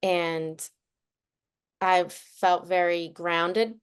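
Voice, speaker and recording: A woman guest on a podcast, talking earnestly and telling heartfelt personal stories in relaxed conversation. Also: on the low side, very slow, clean tone. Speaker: guest, childhood trauma expert.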